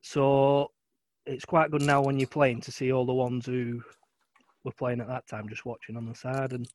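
A man's voice: mid-range voice, little pitch movement, moderate pace, a little mellow. A man talking casually as a guest about his early cricket years, hesitant with many ums. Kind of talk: casual chat.

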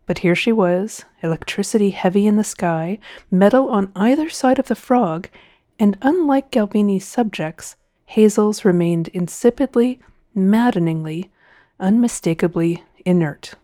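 Brief: female audiobook narrator, warm and mellow, dry close-mic studio sound. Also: medium pitch, dry recording. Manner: expressive, measured storytelling. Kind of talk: scripted narration.

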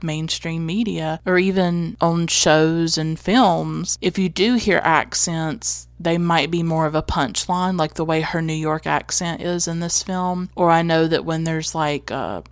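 A woman with a low voice talks casually about classic movies on her podcast. She is reflective and earnest, with light laughs and the odd restart. The sound is dry and close, with no room around her. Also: dry recording. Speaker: podcast host. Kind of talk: casual film commentary.

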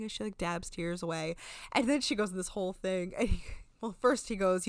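A woman's voice: mid-range voice, normal speed, a bit bright, clear, resonant tone, no room sound. A woman co-hosting a podcast, recapping a reality show in casual chat with sarcastic, swearing asides.

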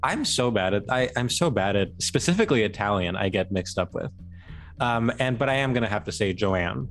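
A man co-hosting a comedy podcast, animated and giggly, trailing off into fillers. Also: fairly low pitch, brisk. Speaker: podcast co-host. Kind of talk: casual comedic chat.

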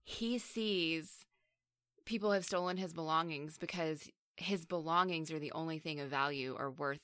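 A woman's voice: deep voice, moderate pace, fairly bright tone, clear, resonant tone, no echo, studio quality. A woman co-hosting a film discussion, talking casually and analytically, sometimes acting out characters' lines. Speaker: film review podcast co-host.

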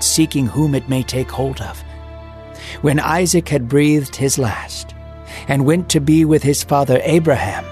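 A man narrating a scripted Bible story in a measured, dramatic way. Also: mid-range voice, darkish tone. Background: faint music.

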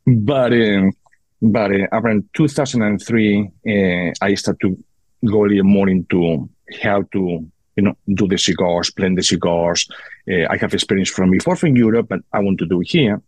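A man with a Spanish accent from Spain, a guest on a podcast, talking casually with halting restarts. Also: sits low, darkish tone, no room sound. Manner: halting, repeats words. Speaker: guest, cigar maker.

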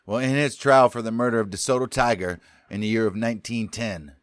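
A man's voice: fairly low pitch, steady tone, brisk, no room sound. A man co-hosting a casual podcast, reading an outlaw story aloud, joking and stumbling over place names. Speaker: podcast co-host. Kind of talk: casual chat reading a true-crime story.

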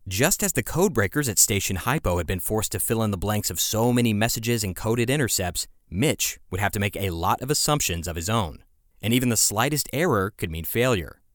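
A man's voice: lowish voice, expressive, brisk, no room sound, studio quality. A man hosting a podcast, telling a history story in scripted narration with casual, conversational asides. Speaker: podcast host.

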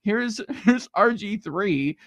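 A man hosting a casual sports talk show, animated and laughing often. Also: high-pitched, takes it slowly, no room sound.

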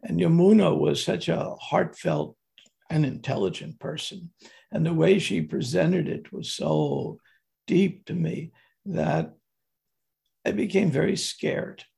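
An older man telling a personal story as a guest, earnest and slowing down on emotional words, with a raspy, gravelly voice. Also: fairly high pitch, expressive, mellow.

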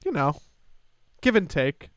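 Smooth-voiced young man telling stories. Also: on the high side, measured pace, no room sound, studio quality. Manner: animated, stammering restarts and laughing asides. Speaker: podcast co-host. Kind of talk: casual storytelling chat.

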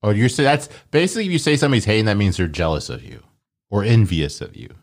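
A man's voice: fairly low pitch, expressive, quick pace. A man co-hosting a casual podcast chat, rambling with lots of fillers. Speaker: podcast co-host.

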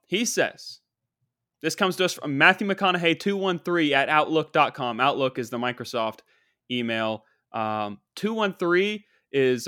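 A young man in his twenties, hosting a show with an excitable, rambling, joking comedic monologue. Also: medium pitch, smooth, no room sound, clean studio sound. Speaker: show host.

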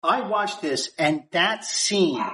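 A man with a slightly higher voice talks casually on a podcast. He wanders through a memory, cuts himself off and circles back. His tone is loose and unhurried. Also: animated, a bit bright, a little hiss or hum. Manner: rambling, self-interrupting. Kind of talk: casual chat.

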